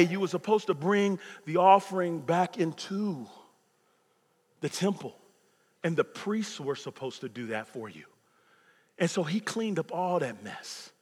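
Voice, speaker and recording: A man in his fifties preaching a sermon as pastor, swinging from loud preaching to hushed near-whispers. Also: a little high, lively intonation, measured pace, breathy edge. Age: 50s. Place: church sanctuary. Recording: long hall reverb.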